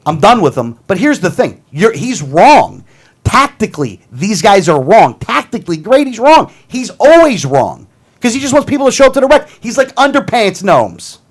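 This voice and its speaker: A man's voice: high voice, big pitch swings, moderate pace. A man hosting a casual political talk show, ranting in a heated, combative way and often repeating himself.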